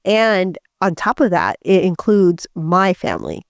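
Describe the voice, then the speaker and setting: A woman's voice: lowish voice, big pitch swings, unhurried, dry recording, studio quality. A middle-aged woman co-hosting a casual podcast chat, talking emphatically with frequent restarts. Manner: emphatic, many restarts and fillers. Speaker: podcast co-host.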